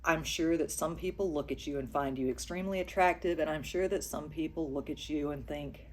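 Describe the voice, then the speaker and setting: A woman co-host speaking earnestly and directly to one person, in a measured way. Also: sits low, a little mellow, a little hiss or hum. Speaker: podcast co-host. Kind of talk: direct address to camera.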